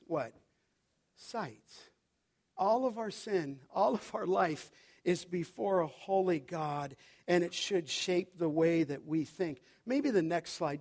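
A man's voice: high voice, darkish tone. A man preaching a sermon as pastor to his church, telling stories, acting out the dialogue and putting questions to the congregation. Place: church sanctuary.

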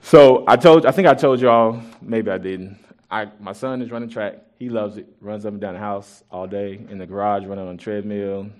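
A pastor preaching a sermon in an animated, conversational way, mixing Bible reading with personal stories. He often restarts his sentences, and his loudness jumps suddenly. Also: lowish voice, normal speed. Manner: conversational and joking with the congregation. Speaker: pastor and youth track coach.

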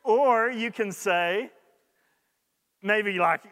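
A man's voice: sits high, animated, unhurried, a bit bright, long reverb tail. A man preaching a sermon as pastor, earnest and repeating his key points for emphasis.

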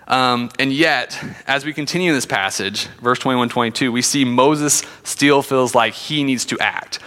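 A man giving a conversational sermon, reading scripture aloud between casual asides. His voice is bright and forward. The sound rings out with a long hall reverb. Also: mid-range voice, normal speed, few pauses. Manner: conversational, with frequent fillers. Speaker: Bible teacher.

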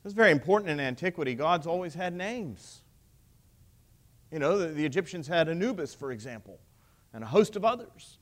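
A man delivers a sermon in a voice pitched higher than most men's. He builds to emphatic points and keeps putting rhetorical questions to his listeners. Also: expressive, brisk. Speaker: preacher.

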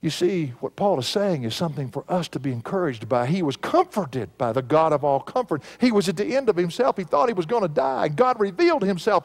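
A man's voice: sits high, very animated, brisk, few pauses. A man preaching an expository sermon as pastor, earnestly swelling and dropping his voice for emphasis.

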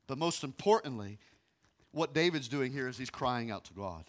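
Emotional pastor swinging hushed to loud. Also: male voice, medium pitch, big pitch swings, moderate pace. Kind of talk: sermon.

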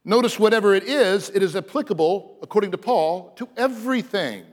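A man preaching a sermon as pastor, earnest and emphatic, sometimes dropping to a hushed, soft delivery. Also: sits high, animated, a little fast. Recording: long reverb of a large hall.

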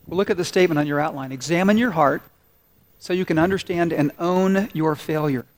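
A man preaches a sermon in a fairly high, light voice. He tells the story earnestly and draws out key phrases slowly for weight. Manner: earnest, storytelling, slows down for emphasis. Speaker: pastor.

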